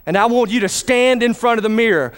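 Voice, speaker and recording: Man, high-pitched voice, preacher, sermon, call-and-response with congregation. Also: fairly quick, clean tone. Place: church with a congregation.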